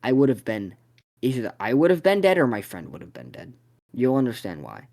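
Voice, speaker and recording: Young adult co-host, podcast storyteller; mid-pitched voice that swings widely, heavy profanity, rambling delivery. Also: fairly quick. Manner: profane, rambling, with sudden excited bursts. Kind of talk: casual storytelling chat.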